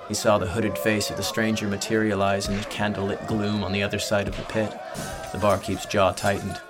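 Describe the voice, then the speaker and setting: Low-voiced man narrating an audiobook. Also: level tone, music in the background, crowd noise. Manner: measured, dramatic storytelling.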